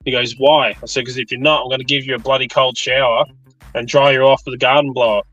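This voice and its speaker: A man's voice: medium pitch, fast talker, no room sound, dull audio, faint music behind. A man, an aged care worker telling funny work stories in casual chat and acting out the voices he quotes. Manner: animated, acts out quoted voices.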